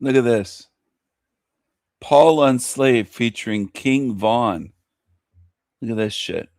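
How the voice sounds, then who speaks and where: Middle-aged man, sneering crude commentary, average pitch, dead-dry sound. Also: slow, darkish tone, dry recording. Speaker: host. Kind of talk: mocking reaction commentary.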